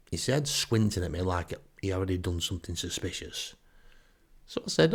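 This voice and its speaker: A man's voice: deep voice, expressive, normal speed, gravelly, darkish tone. An older man with a Northern English accent telling a comic story in a wry, chatty, self-deprecating way. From Northern England. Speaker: storyteller, podcast host. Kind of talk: comic first-person storytelling.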